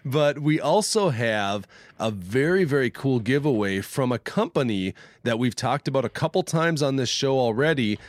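A man co-hosting a podcast while stuffed up with a cold. He talks in a relaxed way at a middle pitch and laughs easily. The recording is dry and close. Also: a little slow, no room sound. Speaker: podcast co-host. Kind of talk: casual chat.

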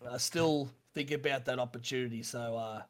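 A middle-aged Australian man telling his story in an interview, halting and repeating himself, with nervous laughs. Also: medium pitch, fairly even intonation, a little hiss or hum. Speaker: streamer guest.

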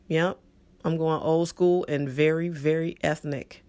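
A man's voice: a little high, steady tone, unhurried, a little mellow, clean tone. A middle-aged man hosting his own podcast, talking casually and with opinions, using lots of fillers and asides. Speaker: podcast host. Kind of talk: casual solo podcast talk.

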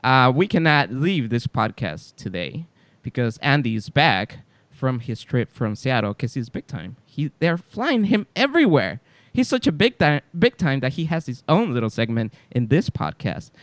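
A man's voice: medium pitch, dry recording. A man with a Latino accent co-hosting a podcast in casual, teasing chat. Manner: joking, teasing. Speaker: podcast co-host.

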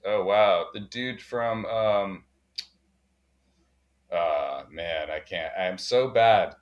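Laid-back low-voiced young man, casual. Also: extremely slow, dull audio. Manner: laid-back, swears casually, trails off with "you know". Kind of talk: casual chat.

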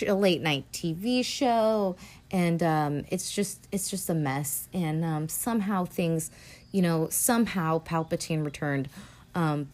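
Woman, podcast host, casual film recap, rambling, swears a lot, fairly low voice. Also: a little mellow. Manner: rambling, profane, filler-heavy.

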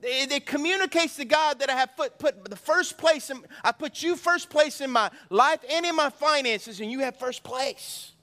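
Folksy preacher man, bright and high. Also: normal speed, few pauses. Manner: folksy, joking storyteller with call-and-response. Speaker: pastor. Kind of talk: sermon.

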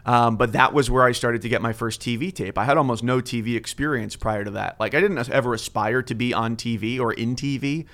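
A man's voice: mid-range voice, brisk, hardly any pauses. A man in his thirties, a sports broadcaster telling stories in a casual chat and acting out the voices in them. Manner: animated storyteller, acts out quotes. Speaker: guest sportscaster.

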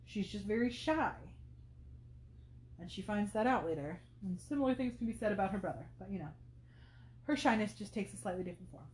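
A woman giving casual book commentary, talking loosely and thinking aloud with plenty of filler words. Her voice sits at an ordinary middle pitch. The recording has a noticeable roomy echo. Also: animated, fairly quick, pauses often, darkish tone, slight background noise. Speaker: podcast host.

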